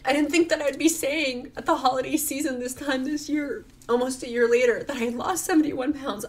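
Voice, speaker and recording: A woman's voice: sits high, steady tone, brisk, few pauses. A middle-aged woman from rural Virginia, crying as she talks in a rambling, confessional vlog. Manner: tearful, confessional, rambling with many "like"s. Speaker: vlogger. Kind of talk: emotional personal vlog.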